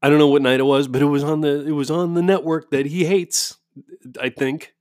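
A man's voice: on the high side, fairly even intonation, fairly quick, a little mellow, dry recording, clean studio sound. A man talking at home in a casual ranting monologue, profane and sarcastic, with frequent laughs. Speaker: parent with kids at home.

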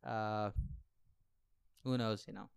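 A man's voice: fairly low pitch, little pitch movement, slow, creaky, clear, resonant tone. A young man hosting a podcast, doing a rambling, sarcastic comic monologue and laughing at his own jokes. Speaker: podcast host and aspiring comedian.

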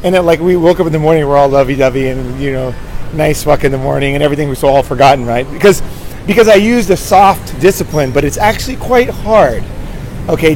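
A man's voice: fairly high pitch, a little mellow, slight background noise. A man giving relationship advice in a rambling casual monologue, often tagging lines with "right?" and restarting his sentences. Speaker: dating advice speaker.

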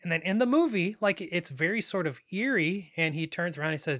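A man hosting a podcast, talking about a film casually, rambling with many fillers and restarts and getting excited. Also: high-pitched, brisk, no echo, studio quality. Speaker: podcast host.

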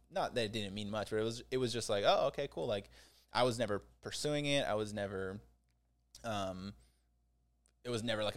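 A young man telling a personal story in a casual, rambling way, with many fillers and restarts. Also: on the low side.

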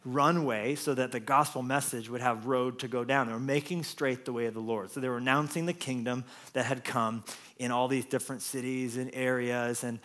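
A man preaching a lively, jokey sermon as pastor, acting out quotes with playful voices. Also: mid-range voice.

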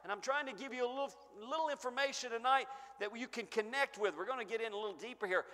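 A man preaching a sermon, emphatic, swinging between booming stresses and hushed asides. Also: fast. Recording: long echo of a church hall.

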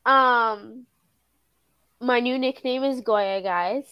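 Woman from Egypt, higher voice, dry offhand humor, casual chat. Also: very slow, clear, resonant tone, dull audio.

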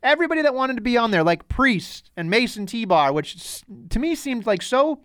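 A man's voice: extremely high pitch, big pitch swings, normal speed, fairly bright tone, dry recording, studio quality. A man from the North Shore with a slight Boston accent, co-hosting a casual podcast and rambling through his opinions. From Massachusetts North Shore. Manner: rambling, self-interrupting opinions. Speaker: podcast co-host. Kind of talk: casual chat about pro wrestling.

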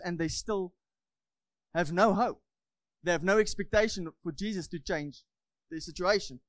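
A man's voice: high-pitched, normal speed, pauses often, no room sound. A man preaching a sermon in a church, fervent and repetitive, often asking for amens. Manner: fervent, repeats phrases, asks the congregation for amens.

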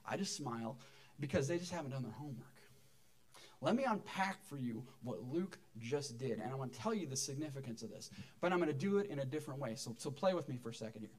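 A man's voice: medium pitch, lively intonation, fast talker. A man preaching a sermon in a church, talking to the congregation in a conversational, joking way. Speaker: pastor.

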